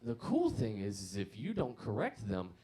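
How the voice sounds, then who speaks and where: A man's voice: lowish voice, wildly swooping pitch, normal speed, warm tone. A man in his mid-twenties doing profane stand-up comedy and working the crowd.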